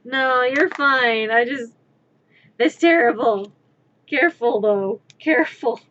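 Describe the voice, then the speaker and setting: A woman streamer chats while she crafts, speaking slowly in a slightly high voice. She is rambling, wry and blunt, swearing freely and sometimes breaking into loud exclamations. The recording is muffled, with slight background noise.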